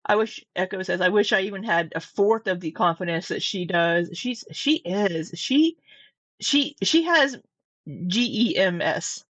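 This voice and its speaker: A woman's voice: mid-range voice, expressive, measured pace, fairly bright tone, no room sound. A woman from Southwest Missouri with a Midwestern American accent, rambling casually through reaction commentary, with restarts and swearing. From Southwest Missouri, USA. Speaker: commentary vlogger. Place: home room at her desk. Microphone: camera mic close up.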